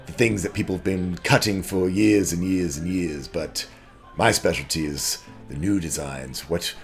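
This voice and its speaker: A man's voice: deep voice, moderate pace, soft background music. A man voicing a young hipster dwarf gem cutter, trendy and self-assured, with a breezy surfer-ish drawl. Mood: boastful. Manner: breezy and boastful about new styles.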